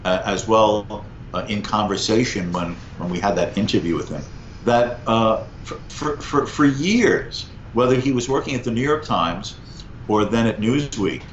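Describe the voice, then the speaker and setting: A man in his sixties, a guest professor, telling historical anecdotes in an animated conversational interview. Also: lowish voice, moderate pace, slight background noise. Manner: animated anecdote teller, lively vocal emphasis. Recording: echoey, slightly muffled room.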